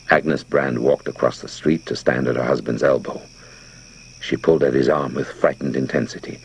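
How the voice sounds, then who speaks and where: A man giving dramatic, expressive audiobook narration. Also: extremely low pitch, normal speed, gravelly, husky. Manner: theatrical, expressive.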